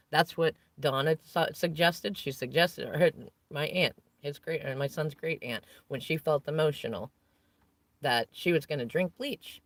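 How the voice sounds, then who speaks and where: A woman's voice: sits low, lively intonation, moderate pace, no echo. A woman vlogger sitting in a parked van, venting about a family conflict in a long, rambling, unscripted rant.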